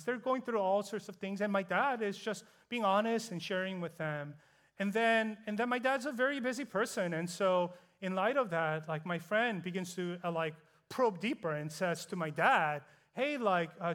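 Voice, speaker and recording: A man's voice: high voice, a bit bright. A male pastor telling a personal story in a sermon, chatty and self-deprecating, building to fervent preaching.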